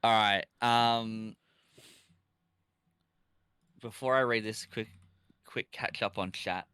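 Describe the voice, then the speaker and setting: Chatty young man streamer, low voice. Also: steady tone, slow pace, bright, forceful tone, smooth, no room sound, clean studio sound. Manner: chatty, laughs often, reads chat aloud. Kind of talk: casual live-stream chat.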